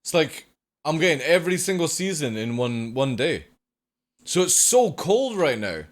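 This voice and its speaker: A man's voice: on the high side, very animated, normal speed. A man streaming live from home, chatting casually with viewers and swearing now and then.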